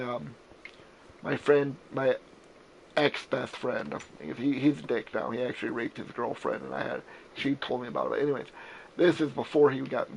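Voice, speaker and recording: Gravelly young man telling rambling stories. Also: medium pitch, a little mellow, dull audio, slight background noise. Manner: rambling, profane, self-correcting. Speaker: gaming stream host. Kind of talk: casual storytelling chat.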